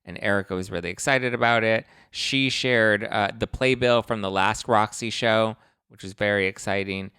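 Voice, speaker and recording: A man's voice: on the low side, normal speed, clear, resonant tone, dry recording, studio quality. A man hosting a pop-culture podcast, ranting in a casual chat with comic asides. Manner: animated ranting, comic put-on quotes. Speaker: podcast host.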